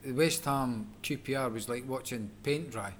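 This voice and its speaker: A man's voice: medium pitch, normal speed, a little hiss or hum. A Scottish man co-hosting a football talk show, giving opinions in a matter-of-fact, teasing way. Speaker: pundit co-host. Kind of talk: casual chat.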